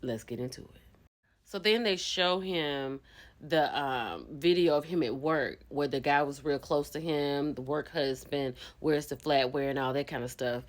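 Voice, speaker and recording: A woman recapping a reality show in a gossipy, expressive way, acting out the people she quotes. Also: low voice, a little slow. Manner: gossipy and expressive, acts out quotes, bursts into laughter. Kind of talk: animated casual recap.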